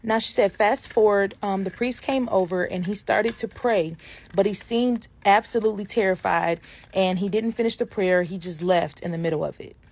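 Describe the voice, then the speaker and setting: A woman's voice: mid-range voice, moderate pace, a little mellow. A woman from Detroit telling a true ghost story to her followers, chatting straight to viewers and acting out the people in it. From Detroit, USA. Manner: chatty, addresses viewers directly, acts out voices.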